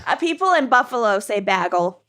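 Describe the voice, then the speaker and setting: A woman's voice: medium pitch, animated, unhurried, a bit bright. A woman co-host with a mid-range voice in a casual podcast chat. She tells light anecdotes about family pronunciations in an easy, conversational way.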